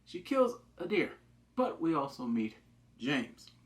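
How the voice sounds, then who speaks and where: A man giving a loose, excitable episode review. His pitch swings widely as he acts out the lines he quotes, and he swears freely. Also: slow. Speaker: TV show reviewer.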